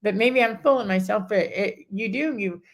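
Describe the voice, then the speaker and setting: Middle-aged woman, gravelly creak, chatty guest who restarts her sentences a lot. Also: mid-range voice, moderate pace. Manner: rambling, self-interrupting, acts out others' words. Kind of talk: emotional personal story in a casual chat.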